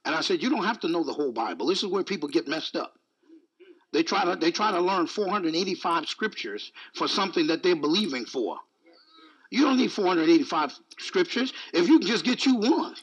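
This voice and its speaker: High, husky, lively male preacher. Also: moderate pace, low-quality recording. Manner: emphatic, repetitive, joking preaching. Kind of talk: sermon.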